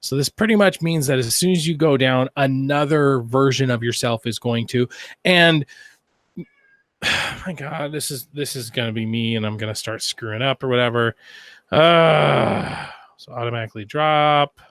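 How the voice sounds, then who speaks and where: A man's voice: medium pitch, moderate pace, a bit bright, no echo, clean studio sound. A man co-hosting a casual gaming podcast, jokey and rambling, with playful asides. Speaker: podcast co-host.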